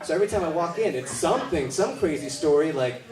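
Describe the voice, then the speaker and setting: A man from Wisconsin doing a stand-up comedy battle set, acting out characters in loud bursts. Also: fairly high pitch, expressive, quick pace, music in the background. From Wisconsin, USA. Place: comedy club stage. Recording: roomy club sound from far off, loud crowd. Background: laughing audience.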